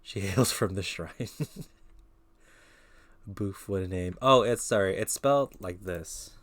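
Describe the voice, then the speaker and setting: Laid-back young man streaming, low voice. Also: takes it slowly, fairly bright tone. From Philippines. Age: 20s. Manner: laid-back, slangy, chatty. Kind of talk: casual live-stream chat. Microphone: headset.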